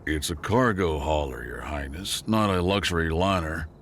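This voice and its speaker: A man's voice: very deep voice, expressive, moderate pace, a little hiss or hum. A man doing an exasperated alien smuggler boss.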